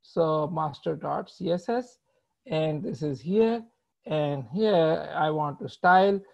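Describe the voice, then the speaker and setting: A man's voice: a little high, takes it slowly, gravelly. A man giving a live coding lecture, explaining patiently as he types and tagging many phrases with "right?". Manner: talks while typing code, ends phrases with "right?"; explains patiently and checks in with students. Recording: muffled lo-fi audio.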